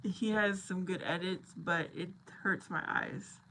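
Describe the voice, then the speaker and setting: A woman's voice: lowish voice, steady tone, measured pace, fairly bright tone, slight background noise. A woman in her forties hosting a casual live chat, reading viewer comments, laughing often and thinking aloud as she talks. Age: 40s.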